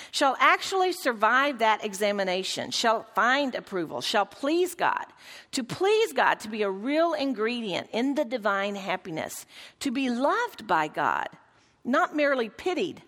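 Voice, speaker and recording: An earnest woman leads a Bible lesson, putting questions to her group and reading passages aloud. Her voice sits at an ordinary pitch and carries a long reverb, as if she is in a big room. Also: a bit bright. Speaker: Bible study teacher. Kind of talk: Bible lesson teaching with read-aloud quotes.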